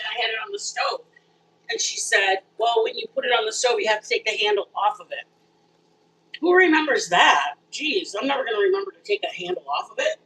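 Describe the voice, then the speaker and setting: Woman, live cooking host, bright chatty delivery, a little off-mic with faint kitchen hum. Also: mid-range voice, recorded from a distance, rough recording. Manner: chatty, animated, talks straight to viewers. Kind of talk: casual live cooking chat. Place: home kitchen.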